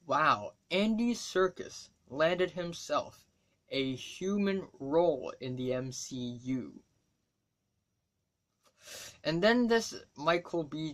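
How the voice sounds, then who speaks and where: Male reviewer, voice a bit high, reading his review casually with asides. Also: fairly bright tone. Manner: casual, chatty, with fillers and self-asides. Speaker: movie reviewer. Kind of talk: reading a written review aloud.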